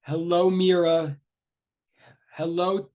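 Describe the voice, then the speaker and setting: Brief: male lecturer, high voice, apologetic and chatty, tablet mic with dull lo-fi sound. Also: flat delivery, slow. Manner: apologetic, flustered, chatty, many fillers and restarts. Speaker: university lecturer. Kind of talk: casual online class opening. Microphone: tablet microphone on a video call. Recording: dull lo-fi video call audio.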